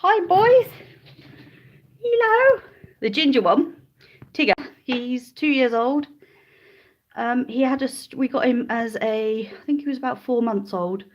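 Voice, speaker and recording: Streaming casually from her phone at home, a woman chats with viewers and keeps getting distracted, calling out to her dogs in the living room of her rented house. She speaks at a measured pace in a fairly high voice, and the audio sounds dull. She holds the phone at first, then puts it on a stand.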